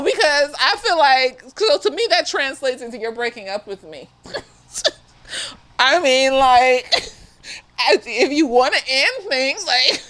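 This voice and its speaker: Animated high-voiced woman, laughing, slightly tipsy. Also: slow pace, long pauses, a little hiss or hum. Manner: animated, laughs often, swears freely. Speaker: therapist reviewing a film. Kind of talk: casual film review.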